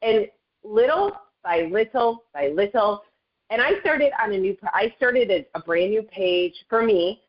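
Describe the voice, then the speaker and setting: A woman's voice: medium pitch, animated, a little slow. A middle-aged woman, speaking on a video call as a guest speaker on a network marketing call. She gives a chatty, upbeat motivational testimony and keeps addressing listeners as "you guys.". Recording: dull lo-fi call audio.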